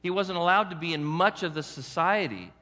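Male pastor, sermon, bright and forceful, rhetorical and coaxing, long hall reverb. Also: high-pitched, a little fast. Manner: animated, coaxing the congregation with rhetorical questions.

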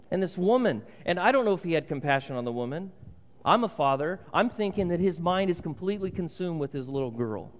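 An earnest pastor delivers a sermon in a slightly high voice, swinging between urgent pleas and hushed, slow emphasis. His voice rings with long reverb through a church sanctuary. The sound is dull and lo-fi. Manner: earnest, dramatic, drops to a hush for emphasis.

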